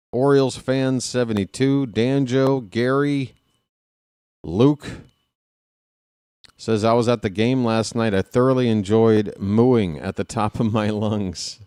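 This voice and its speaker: A man streaming casual live baseball play-by-play, chatting with viewers and reading out their names between pitches. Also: darkish tone, smooth, dry recording, studio quality. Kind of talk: live play-by-play with chat shout-outs.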